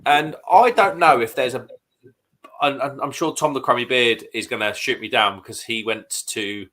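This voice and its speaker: Bright, eager male beer talker. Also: medium pitch, normal speed. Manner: enthusiastic, opinionated about beer. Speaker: livestream co-host. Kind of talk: casual chat over a beer.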